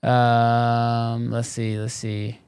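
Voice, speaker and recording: Smooth-voiced man hosting a casual live stream. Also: mid-range voice, extremely slow. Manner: relaxed and conversational, many fillers like "um" and "like". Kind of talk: casual live-stream chat answering viewers.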